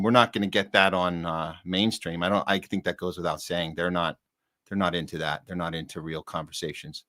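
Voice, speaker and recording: A man's voice: low voice, fairly bright tone. A man hosting a live talk podcast who thanks his guest and gives blunt commentary. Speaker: podcast host.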